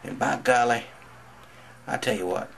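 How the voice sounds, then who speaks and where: A man's voice: medium pitch, measured pace, gravelly, a bit bright, slight background noise. A man telling stand-up jokes in a drawling, storytelling way, acting out the voices in his stories. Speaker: stand-up comedian.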